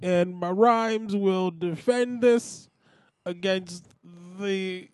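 A man doing a slow, sing-song impression of an older male comedian, drifting between voices. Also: sits high, steady tone, darkish tone, no echo. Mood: mock-pompous. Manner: slow, sing-song, halfway to another accent.

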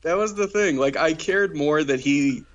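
A man's voice: a little high, moderate pace. Rambling man on a dull podcast mic. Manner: rambling, filler-heavy, giggly. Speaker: podcast co-host. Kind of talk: casual chat.

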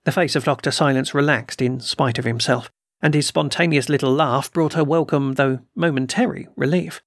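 A man narrating an old-fashioned tale as an audiobook, in a measured storytelling manner. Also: medium pitch, steady tone, dry recording, clean studio sound. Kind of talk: scripted narration.

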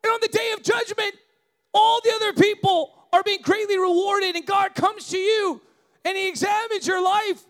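A male pastor preaching a sermon with passion, often shouting, and checking in with the congregation with quick "right?" tags. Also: extremely high pitch, fairly even intonation.

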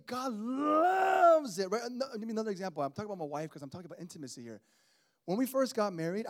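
A man in his thirties preaching a sermon in an animated, conversational way, calling out to the congregation. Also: sits high. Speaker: pastor.

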